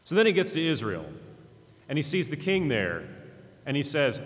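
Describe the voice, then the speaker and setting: A man's voice: on the high side, sing-song, normal speed, pauses often, in a large hall. A man preaching a conversational, earnest sermon, retelling a scripture story with frequent fillers and restarts. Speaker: pastor.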